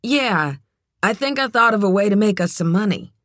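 A narrator voicing a nervous, eager young woman in an audiobook, with a higher, quick and hesitant way of talking. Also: expressive, a bit bright, no room sound, natural voice.

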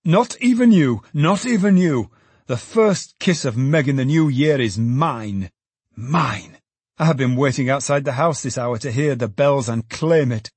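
A man reading an audiobook, voicing a generous, jolly young man who calls out loudly. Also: medium pitch, measured pace, breathy edge, no echo. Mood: jubilant.

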